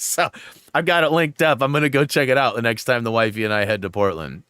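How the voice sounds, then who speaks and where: A man hosting a gaming live stream, chatting casually and telling rambling, animated stories while he plays. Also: mid-range voice, fast talker, clear, resonant tone, no echo, clean studio sound. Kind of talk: live-stream gameplay chat.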